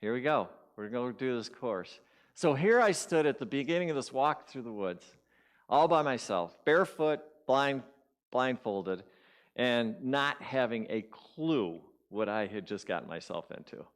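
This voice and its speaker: A man's voice: medium pitch, animated, measured pace. A man giving a sermon as a guest speaker, telling a personal story and acting out his inner voices. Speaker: guest speaker at a spiritual community.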